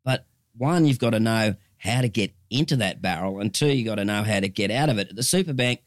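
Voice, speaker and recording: Chatty Australian man, lowish voice. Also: expressive, fairly quick, no echo, studio quality. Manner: chatty storyteller, rambling with restarts. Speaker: guest. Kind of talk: casual chat.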